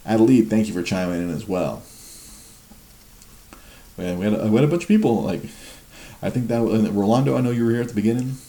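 A man's voice: on the low side, fast, pauses often, warm tone. A man hosting a live show, chatting casually, rambling with frequent laughs and stammered repeats. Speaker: livestream show host. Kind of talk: casual chat. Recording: roomy echo with faint noise.

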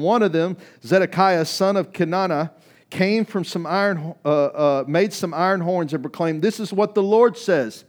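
A man preaches a sermon with a somewhat raised pitch. He speaks casually to his listeners and often sinks his voice to a murmur for emphasis. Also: moderate pace. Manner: conversational preaching with sudden drops in volume; acts out quoted voices in reading. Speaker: pastor.

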